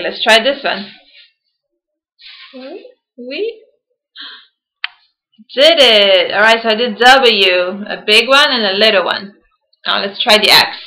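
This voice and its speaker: Woman teacher for a kids' phonics video, slow and patient, bright tone. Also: medium pitch, low-quality recording. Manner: slow, patient, sounding words out. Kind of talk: early-years phonics lesson.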